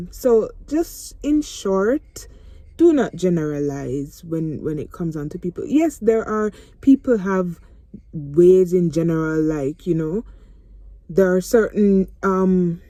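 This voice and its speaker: A woman's voice: fairly low pitch, dark tone, no room sound. A young Jamaican woman telling a storytime vlog from her parked car, chatty and emotional, slipping into patois. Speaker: mother vlogging.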